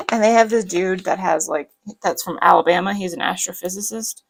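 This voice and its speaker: A woman's voice: mid-range voice, a little fast, hardly any pauses, poor audio. A woman with a light Southern US accent, rambling in a chatty, casual way while she works on a planner. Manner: rambling, chatty, lots of fillers. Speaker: planner vlogger.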